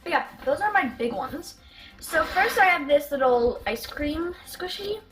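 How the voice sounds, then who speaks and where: Bubbly high-voiced female vlogger. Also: unhurried, faint music behind. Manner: excitable and chatty, with giggles and gasps. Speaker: vlogger showing her toy collection. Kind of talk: casual show-and-tell vlog.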